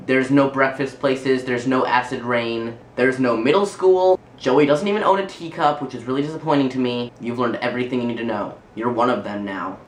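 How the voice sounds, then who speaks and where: A young American man hosting a comedic vlog, teasing his guest with playful, mock-naive questions. His voice sits in an average pitch, and it carries a roomy echo with a faint hiss behind it. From United States. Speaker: vlog host. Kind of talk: casual comedic vlog chat. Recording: roomy, slight noise.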